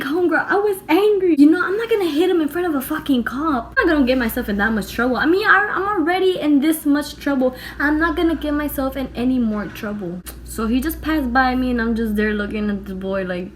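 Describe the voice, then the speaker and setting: A young woman telling a storytime vlog, animated and emphatic, swearing freely. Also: high-pitched, quick pace, hardly any pauses. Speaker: vlogger. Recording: echoey room with faint background noise.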